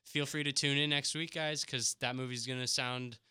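A man's voice: medium pitch, steady tone, moderate pace, background noise. A man from France co-hosting a movie podcast, chatting casually and joking around. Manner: joking, laughs a lot. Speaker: podcast co-host. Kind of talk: casual chat.

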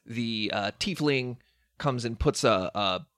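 Relaxed man running a tabletop game. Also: mid-range voice, slow pace, slight background noise. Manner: relaxed, hesitant with many ums. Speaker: dungeon master.

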